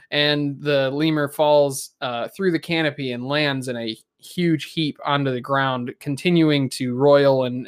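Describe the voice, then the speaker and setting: A man improvising a silly adventure story in casual chat, halting and searching for words. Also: mid-range voice, smooth.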